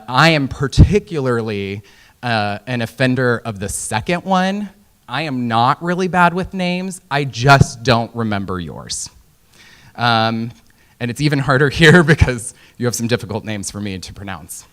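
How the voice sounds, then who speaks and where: A man's voice: mid-range voice, expressive, measured pace, fairly bright tone, clean tone. A young man from Indiana giving a casual, joking conference talk with many fillers. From Indiana, USA. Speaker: conference speaker. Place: conference hall.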